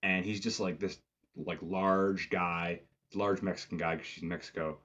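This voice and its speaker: Deep husky man in a profane recap. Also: fairly even intonation, moderate pace, fairly bright tone, lo-fi sound. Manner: profane, rambling, lots of "like" fillers. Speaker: movie reviewer. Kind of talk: casual film review recap.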